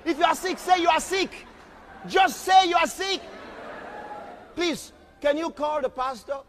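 A man preaching a sermon as a pastor, emphatic, often shouting and questioning his crowd. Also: very high-pitched, unhurried, a little hiss or hum. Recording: long reverb of a large hall.

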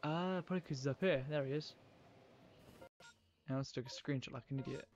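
A man's voice: medium pitch, fairly quick, a little mellow, highs cut off, slight background noise. A man live-streaming a game, chatting in a rambling, casual way to his viewers as he plays. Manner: rambling, chatty, talks to viewers while playing.

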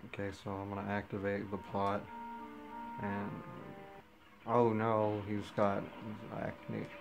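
Man, low voice, slow and monotone, silly let's-play commentary, game music behind. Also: gravelly, poor audio. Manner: goofy, jokey, talks to the game characters. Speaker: gameplay commentator.

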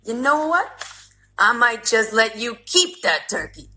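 A woman's voice: a little high, sing-song, unhurried, sharp tone, faint music behind, pitched above the performer's own voice, full character voice. A woman voicing a blustering male store manager who barks orders, then turns falsely chummy. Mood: coaxing.

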